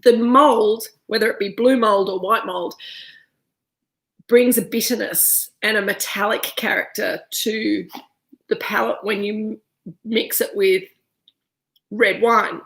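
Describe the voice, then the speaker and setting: A woman's voice: mid-range voice, fairly even intonation, slow pace, gravelly, pauses often, a bit bright. A woman leading a casual live wine tasting class, chatting freely while chewing cheese. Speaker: winemaker leading a virtual tasting.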